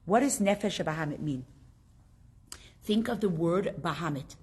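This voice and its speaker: A woman teaching a class, telling a story and asking her students questions in a lively way. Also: medium pitch, unhurried.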